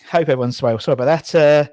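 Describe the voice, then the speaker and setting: A man's voice: on the high side, darkish tone, no echo, clean studio sound. A man from England hosting a casual live stream, rambling and out of breath as he reads out viewer comments. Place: garage.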